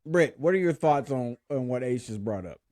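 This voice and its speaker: Animated, laughing male podcast host. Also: medium pitch, moderate pace, dry recording. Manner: animated, laughs often, stumbles over words. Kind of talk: casual chat.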